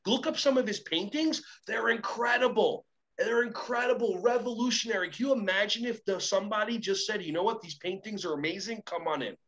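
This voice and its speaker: High-voiced man telling animated stories. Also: fast talker, few pauses, highs cut off. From Israel. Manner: energetic, acts out both sides of conversations. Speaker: motivational speaker and coach. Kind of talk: animated storytelling talk.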